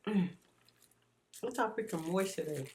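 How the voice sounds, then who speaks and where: This ASMR creator, a mom, eats and chews while recounting an exasperating story in a casual, emphatic way. She speaks on the low side, a little slowly, with lively intonation and a darkish tone, and slight background noise is audible.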